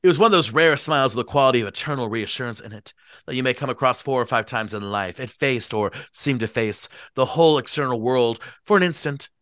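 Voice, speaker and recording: A man's voice: mid-range voice, a bit bright, dry recording, clean studio sound. A man hosting a book reading, narrating with playful jokey asides. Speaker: host and reader. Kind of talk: book reading with comedic commentary.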